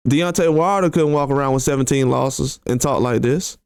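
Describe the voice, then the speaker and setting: Man, boxing commentator, casual reaction talk, blunt, slangy, smooth voice, dry close sound. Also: mid-range voice, moderate pace, darkish tone, no echo. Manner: blunt and conversational, with slang and rhetorical questions. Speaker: boxing commentary channel host. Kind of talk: casual reaction commentary, reading tweets aloud.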